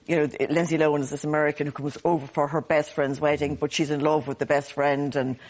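An Irish woman talks quickly and at length on a radio panel. She often repeats words as she restarts a sentence and keeps going. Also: low-pitched, flat delivery, a little mellow. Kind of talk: casual panel chat.

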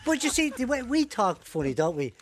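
An Irish man, a comedian telling quick jokes on a chat show with a lively, stammering delivery. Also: very high voice, a crowd in the background.

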